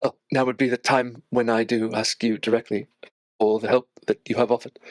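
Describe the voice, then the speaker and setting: A man's voice: mid-range voice, flat delivery, a little mellow, no echo. A young man leads a tabletop game in a mid-range voice, earnest and a little hesitant. He is close to the mic in a dry room. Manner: measured, earnest, lightly hesitant. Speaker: game master.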